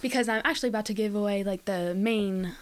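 A woman's voice: mid-range voice, fast talker. A young woman co-hosting a casual podcast chat, rambling with lots of fillers and calling people "bro". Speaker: podcast co-host.

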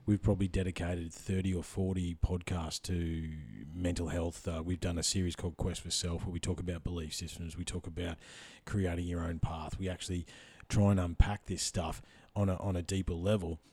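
Brief: very deep, warm male podcast host, relaxed and agreeable, dry close sound. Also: a little fast, hardly any pauses, husky, dry recording. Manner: laid-back, agreeable, calls people mate. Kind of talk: casual podcast conversation.

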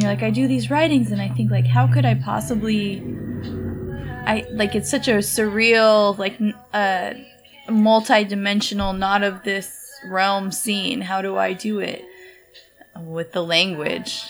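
A woman chatting casually, rambling and animated, full of "like" and restarts. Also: medium pitch, measured pace, creaky, soft background music, low-quality recording. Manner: rambling, animated storyteller with many fillers. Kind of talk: casual chat.

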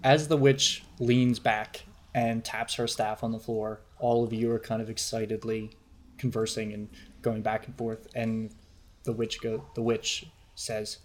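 A man narrating a tabletop game as its game master in a relaxed, chatty way. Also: lowish voice, measured pace.

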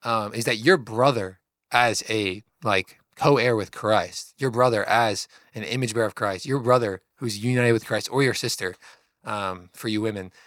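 A man's voice: fairly low pitch, moderate pace, a bit bright, no room sound, clean studio sound. Earnest man in a church podcast chat. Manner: earnest, encouraging, says "like" often. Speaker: podcast co-host.

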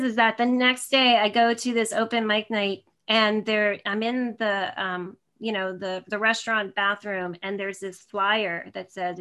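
A woman's voice: mid-range voice, little pitch movement, a little slow, hardly any pauses, fairly bright tone. A woman in her thirties, a guest in an interview, telling a personal story in a rambling way with many restarts and fillers.

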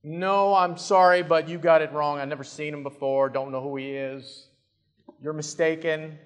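A man's voice: fairly high pitch, fairly even intonation, moderate pace, smooth, lightly acted. A man acting out a scared disciple hastily and defensively denying he knows his friend. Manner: hasty, defensive denials. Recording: long hall reverb.

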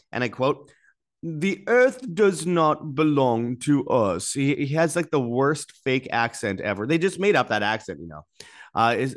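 A man hosting a political commentary show, reading out articles and mocking them, with emphatic bursts and slow drawled key words. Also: medium pitch, a bit bright. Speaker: host.

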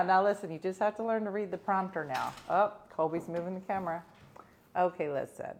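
A woman's voice: fairly low pitch, a little fast. A woman in her fifties chatting casually and coaxing her dog, treating it as her playful co-host. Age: 50s. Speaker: host of a home pet show.

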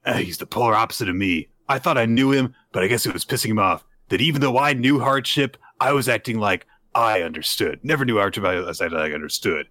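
A shaken teenage boy hero, as a man puts him on, musing low and earnest about a lost friend. The voice is bright and sits close in a dry room. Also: fast, hardly any pauses, no echo. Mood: reflective.

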